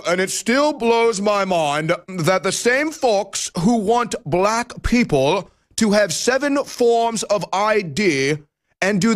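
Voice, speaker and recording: A man putting on a mocking impression of a smug male professor, drawn out and exaggerated. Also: sits high.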